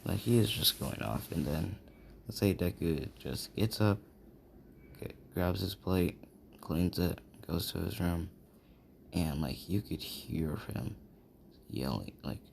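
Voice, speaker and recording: A man's voice: low-pitched, slow, creaky, slight background noise. A man casually telling a fan-fiction story, rambling and checking in with the listener.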